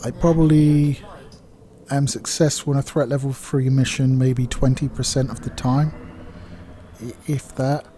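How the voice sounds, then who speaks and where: A man talks through a video game review in a relaxed, rambling way, with many fillers. His voice is warm and mellow and sits at a middle pitch. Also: unhurried, a little hiss or hum. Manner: candid, chatty, rambling with fillers.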